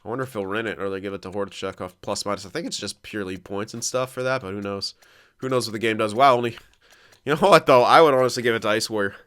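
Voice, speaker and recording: A young man casually commentating his own hockey game, excitable, thinking aloud and swearing often. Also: fairly low pitch, fast talker, clear, resonant tone. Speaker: gaming commentator.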